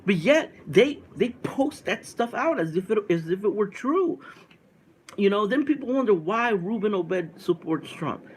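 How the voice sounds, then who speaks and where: Middle-aged male vlogger from Puerto Rico, high voice, very animated swings, emphatic direct address. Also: a little slow, a little hiss or hum. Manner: emphatic, repetitive, talks straight to viewers. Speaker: political vlogger. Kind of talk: casual opinion vlog to camera. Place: home by a window.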